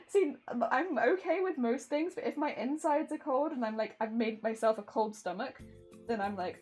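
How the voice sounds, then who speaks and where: A bubbly woman chats away on a livestream, rambling cheerfully and laughing often. Her voice sits a little high and swoops around with lively intonation, with faint music playing behind her. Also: measured pace, pauses often. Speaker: streamer. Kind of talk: casual livestream chat while sewing.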